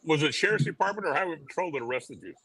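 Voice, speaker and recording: A man's voice: fairly high pitch, expressive, rapid-fire, sharp tone, breathy edge, no room sound, rough recording. An older man, a retired detective, chatting as a guest in a casual interview, easygoing and dryly funny, wandering a little as he recalls things.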